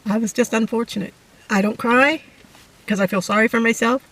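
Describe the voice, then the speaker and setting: A middle-aged woman giving an emotional personal testimony to camera, halting and fighting back tears. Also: on the high side, steady tone, a bit bright, far from the mic, poor audio. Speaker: vlogger sharing a testimony.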